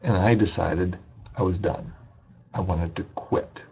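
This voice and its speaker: A man's voice: low-pitched, fairly even intonation, unhurried, vocal fry, a little mellow, breathy edge, dull audio. A man lecturing for an online business course, telling a personal story in a conversational way and acting out the dialogue. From Indiana, USA. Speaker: business ethics instructor.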